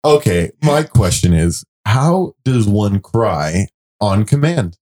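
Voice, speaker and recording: A man's voice: on the low side, very animated, takes it slowly, dark tone. A man co-hosting a podcast, asking curious questions and laughing in casual chat. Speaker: podcast co-host.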